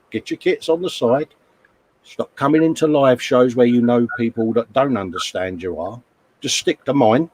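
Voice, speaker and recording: A man's voice: mid-range voice, breathy edge. Guy hosting a live stream, matey, reads chat out, bit of a telling off. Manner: matey, chatty, gently scolding. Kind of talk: casual chat reading viewer comments.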